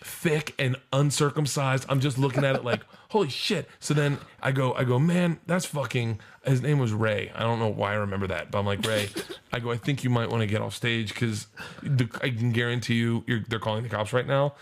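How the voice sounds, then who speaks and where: A man's voice: mid-range voice, fairly quick. A man in his forties telling stand-up stories in a casual podcast chat, swearing freely and acting out the people in them. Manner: animated, profane, acts out voices in his stories. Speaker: stand-up comedian guest.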